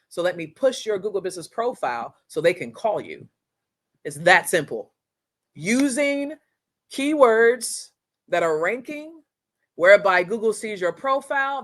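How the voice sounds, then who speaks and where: A woman hosting a casual live-streamed training, talking straight to viewers in a chatty, energetic, slangy way through a computer mic. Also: medium pitch. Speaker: course instructor and livestream host.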